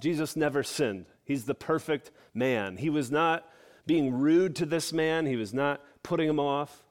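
A man's voice: on the high side, measured pace. A middle-aged man preaching a sermon, explaining scripture in an earnest, conversational way with casual asides. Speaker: pastor.

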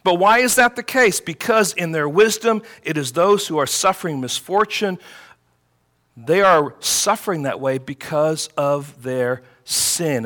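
A man delivers an expository sermon in a high voice. His tone is bright and ringing, and he presses hard on the scripture he reads aloud. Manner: expository preaching, emphatic when quoting scripture. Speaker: pastor.

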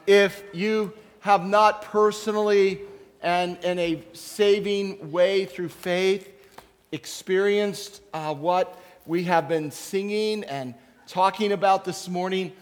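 Emphatic pastor preaching in a reverberant church. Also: male voice, sits high. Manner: swings from loud emphatic reading to quiet asides, with frequent uh fillers. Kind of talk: sermon. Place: church sanctuary.

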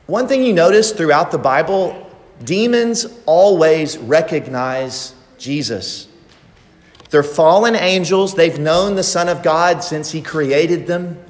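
A man preaching a sermon in a church, emphatic and repeating phrases for effect. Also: fairly high pitch. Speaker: pastor. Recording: long reverb of a large hall.

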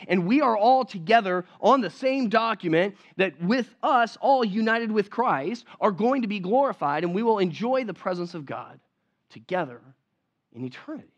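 Male pastor, higher-pitched, delivering a conversational sermon and checking in with the room; slightly muffled recording. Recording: slightly dull, lo-fi sound.

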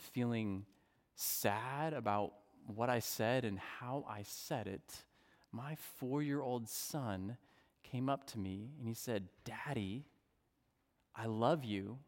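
A man in his thirties preaching a sermon, speaking earnestly and often repeating and restarting his words. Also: medium pitch. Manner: slow, earnest, with repetitions and restarts. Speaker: pastor. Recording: long reverb of a large hall.

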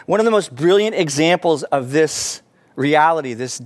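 A man preaching a sermon, earnest, rising to emphatic peaks and falling back soft. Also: fairly high pitch, animated, normal speed, no room sound. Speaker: pastor.

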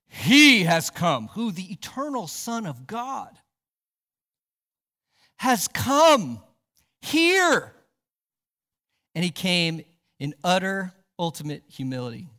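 A man's voice: a little high, sharp tone, in a large hall. A man, a pastor, preaching a sermon in a church sanctuary, emphatic and asking the congregation rhetorical questions.

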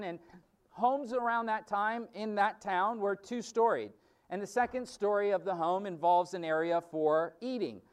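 High-voiced pastor preaching from afar. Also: male voice, smooth, far from the mic. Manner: conversational teaching with fillers and restarts. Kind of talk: sermon.

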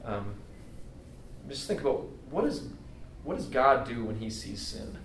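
Heartfelt and casual, this man's sermon sounds like everyday talk, packed with fillers. He has a mid-range, expressive, slightly bright voice and speaks a little slowly. Recorded from a distance in an echoey room, the audio carries a bit of hiss or hum.

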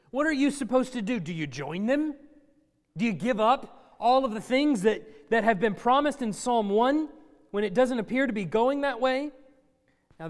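A man preaching a sermon to a congregation, conversational with dry sarcastic humor. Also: high-pitched. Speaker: pastor. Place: church sanctuary. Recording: long reverb of a church hall.

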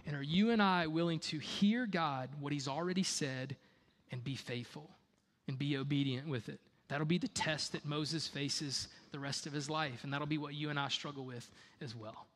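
A male pastor delivering a sermon in a casual, conversational way. His voice sits fairly high for a man, and he leans on repetition and pointed rhetorical questions to drive each point home. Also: moderate pace, fairly bright tone, in a large hall. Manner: conversational, repeats key phrases, rhetorical questions.

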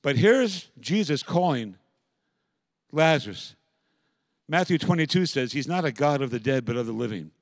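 A man preaching a sermon as pastor, moving from quiet, reflective passages to loud, impassioned calls. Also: on the high side, expressive, normal speed, long pauses, dry recording.

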